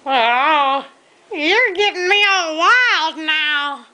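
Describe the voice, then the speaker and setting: Squeaky old granny on a prank call, cusses a ton, slow rambling drawl, bright piercing voice. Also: expressive, exaggerated voice, rough recording. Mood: flirty. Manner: cussing, rambling, folksy drawl.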